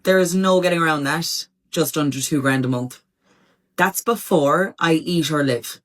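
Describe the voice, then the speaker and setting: Wry low-voiced woman vlogging. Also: moderate pace. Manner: chatty, wry. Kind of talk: casual vlog talk.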